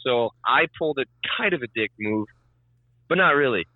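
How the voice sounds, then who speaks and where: A man in casual chat tells a long story, swearing freely and acting out both sides of the conversation. His voice sits at a middling pitch. The sound is dry and a little dull, like a lo-fi podcast recording. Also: expressive, normal speed, dry recording.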